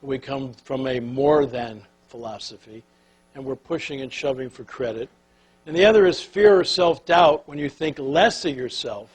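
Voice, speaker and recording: An older man speaking on leadership tells a story in a folksy, animated way, dropping to a soft, hushed voice at the tender moments. His voice is mid-range with a breathy edge, and the audio is poor.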